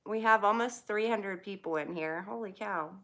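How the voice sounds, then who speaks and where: A woman's voice: medium pitch, normal speed, pushed and bright. A woman, chatting casually with livestream viewers, greeting them by name and laughing often. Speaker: livestream host.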